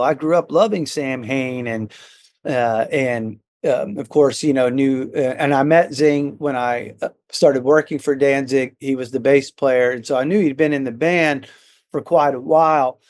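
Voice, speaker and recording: A middle-aged man, a musician guest on a podcast, telling stories in an excited, rambling way full of fillers and restarts. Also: mid-range voice, a little slow. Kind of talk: casual storytelling chat.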